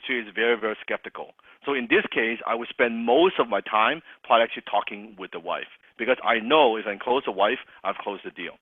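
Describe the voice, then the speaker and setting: A man's voice: medium pitch, brisk, slightly rough, dry recording. Laughing male sales coach, tinny call. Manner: animated, laughs often, restarts phrases. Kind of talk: sales training role-play demo.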